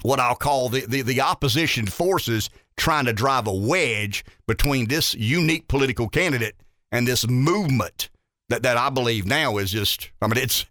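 A man's voice: medium pitch, moderate pace, bright, forceful tone, no echo, studio quality. A man hosting a talk radio show, delivering an emphatic, opinionated political monologue and often repeating words as he builds a point.

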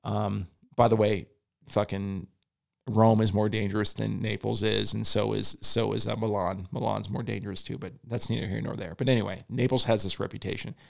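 A man with a gravelly, fry-edged voice that sits on the low side chats in a loose podcast style. He rambles, doubles back on his words and curses freely, slipping into quick quoted asides. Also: little pitch movement. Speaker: stand-up comedian. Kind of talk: casual podcast chat.

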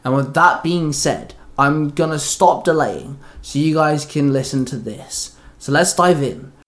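A man's voice: on the high side, measured pace, fairly bright tone, faint music behind. A man hosting and reading fan fiction aloud in a chatty, casual way. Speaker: storyteller and host.

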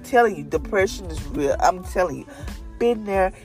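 A woman's voice: on the low side, animated, normal speed, a little mellow, faint music behind. A woman leading a devotional, sharing a personal testimony in an earnest, conversational, prayerful way. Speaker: devotional leader.

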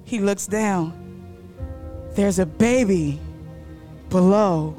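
A woman hosting a live radio show, telling a story with loose, animated slang-heavy delivery. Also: medium pitch, drawn-out words. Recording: music playing behind.

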